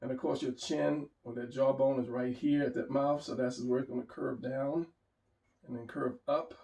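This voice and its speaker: A man's voice: medium pitch, steady tone, moderate pace, vocal fry, warm tone. A man giving a casual drawing lesson, rambling and restarting as he draws and talks it through. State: hiccuping. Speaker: drawing teacher. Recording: roomy, mic at a distance.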